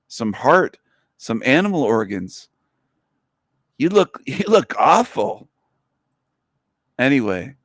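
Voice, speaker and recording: Male livestream host, slow drawling delivery, mocking and crude, dry close mic. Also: mid-range voice, no room sound. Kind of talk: casual livestream monologue.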